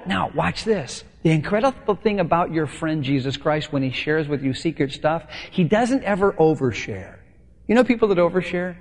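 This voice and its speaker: High-voiced preacher in a big echoing hall. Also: male voice, animated, moderate pace. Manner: conversational, playful, acts out dialogue. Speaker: pastor. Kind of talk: sermon. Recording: long hall reverb.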